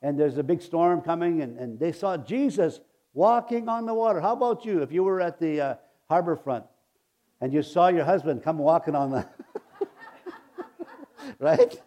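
A man's voice: a little high, animated, normal speed, warm tone. A man in his sixties preaching a sermon, telling homey stories with frequent chuckles and calling on the congregation to repeat after him. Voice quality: chuckling, folksy storytelling with a call-and-response manner. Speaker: pastor.

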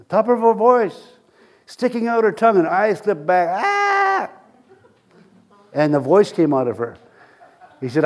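A male pastor telling a story in a sermon, lively and anecdotal, chuckling at his own jokes. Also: sits high.

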